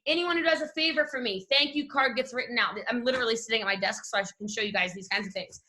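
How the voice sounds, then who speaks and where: Brief: high-pitched Southern woman, bright tone, gushing team-leadership pep talk from home. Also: fast talker. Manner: animated, gushing, talks straight to listeners. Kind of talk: energetic motivational talk on a call. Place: at home desk. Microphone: video call.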